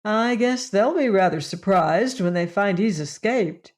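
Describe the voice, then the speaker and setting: A woman's voice: mid-range voice, lively intonation, a little slow, a little mellow, pitched above the performer's own voice, lightly acted. A woman voicing an earnest, polite young boy in an audiobook. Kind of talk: audiobook character voice.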